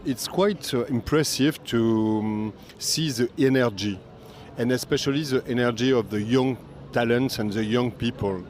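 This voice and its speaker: An older man with a French accent talks in halting, careful English, pausing as he reaches for words. He answers an interviewer's questions outdoors, and traffic passes in the street behind him. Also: mid-range voice, darkish tone. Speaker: festival director.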